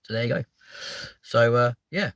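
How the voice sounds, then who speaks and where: A man's voice: mid-range voice, normal speed, a bit bright, no echo. A young man, chatting casually to viewers on a live stream, rambling and swearing his way through stories.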